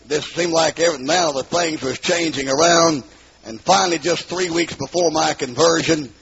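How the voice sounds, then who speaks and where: A middle-aged man giving an emphatic testimony sermon, his voice gravelly and pitched a bit high. He drives the story forward and rises into shouts. The recording is dull and lo-fi.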